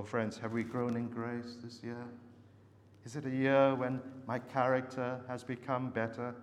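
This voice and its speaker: A male preacher delivers a sermon, pressing his listeners with one searching question after another and stopping often on small hesitations. His voice has a middle pitch and carries a long reverb, as if heard in a large hall, with faint noise in the background. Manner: earnest, searching rhetorical questions with many hesitations.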